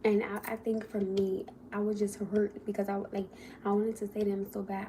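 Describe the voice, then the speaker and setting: A young adult woman telling a story on a casual livestream, animated, swearing and quoting the people involved. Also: medium pitch, normal speed, a little hiss or hum.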